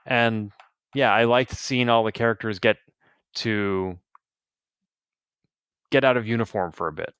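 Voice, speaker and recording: A man's voice: on the low side, measured pace, pauses often, a bit bright, clear, resonant tone, no room sound, studio quality. A man co-hosting a podcast, chatting casually and rambling with restarts. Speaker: podcast co-host. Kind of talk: casual chat.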